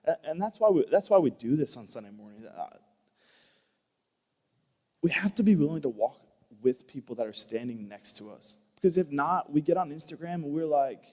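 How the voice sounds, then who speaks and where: A man's voice: on the high side, a little fast, darkish tone, big-room sound. A man on a church staff talking earnestly in a panel discussion, often repeating himself and restarting phrases. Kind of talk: heartfelt panel talk.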